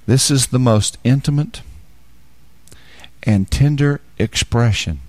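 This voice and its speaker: A man's voice: takes it slowly, no echo. Man teaching scripture, dry close sound. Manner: builds to loud, high-pitched fervent preaching; conversational, explaining with homely examples. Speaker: Bible teacher. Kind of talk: sermon.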